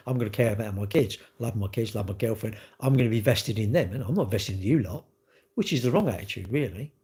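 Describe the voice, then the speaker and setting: A man rants to his viewers in a casual monologue. His voice sits at an ordinary middle pitch. He sounds exasperated and circles back over the same points. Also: darkish tone. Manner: ranting, exasperated, repeats himself. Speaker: vlogger.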